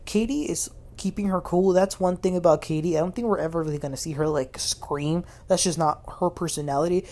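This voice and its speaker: A woman recapping a reality TV episode in a chatty, gossipy way, talking straight to her viewers as if they were friends. Her voice sits a bit low for a woman and bounces with quick asides. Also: dark tone. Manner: chatty and gossipy, addresses viewers as "you guys". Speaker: TV recap host. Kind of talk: casual reality-show recap.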